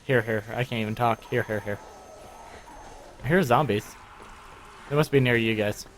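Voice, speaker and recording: A man's voice: mid-range voice, moderate pace, slight background noise. A man playing a co-op shooter with friends, chatting casually, humming and laughing. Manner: playful, hums and laughs, excitable squeals. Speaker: gamer playing co-op. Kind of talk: casual gameplay chat.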